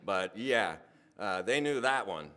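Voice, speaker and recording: Animated man telling a rambling monologue. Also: fairly low pitch, slow pace, clear, resonant tone. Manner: animated storytelling, voice rising when excited. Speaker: speaker on a hypnosis channel. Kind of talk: casual spoken monologue.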